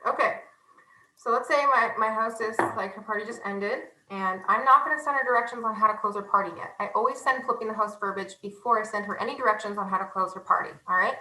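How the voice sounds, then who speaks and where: A young woman giving a casual, animated sales training talk, chatty and self-deprecating. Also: mid-range voice, quick pace, echoey room, poor audio.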